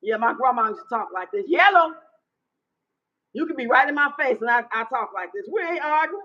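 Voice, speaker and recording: A woman in her fifties hosting a casual live chat, loud, blunt and profane. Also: a little high, lively intonation, quick pace, highs cut off. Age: 50s. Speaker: livestream host.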